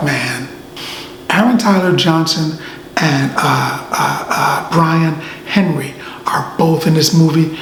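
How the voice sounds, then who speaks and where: A man giving a casual movie review, easygoing and animated, often tacking "man" onto his sentences. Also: a little high. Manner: laid-back, says "man" often, animated asides. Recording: echoey room, faint ambient noise.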